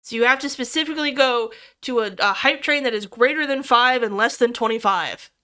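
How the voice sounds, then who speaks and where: A young adult woman streamer chatting casually with viewers, excitable, swearing freely and squealing over cute things. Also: on the high side, a little fast. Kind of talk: casual livestream chat with viewers.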